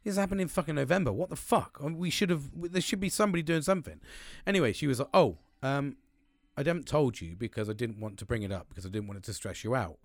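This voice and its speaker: A man's voice: mid-range voice, lively intonation, quick pace, no room sound. A man talking alone on his podcast in a casual, rambling way, swearing often and restarting his sentences. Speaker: podcast host. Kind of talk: casual personal monologue.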